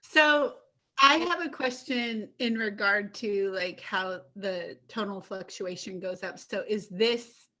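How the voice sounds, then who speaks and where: Bright-voiced woman asking a rambling question. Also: medium pitch, slow. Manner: rambling, full of "like". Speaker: student.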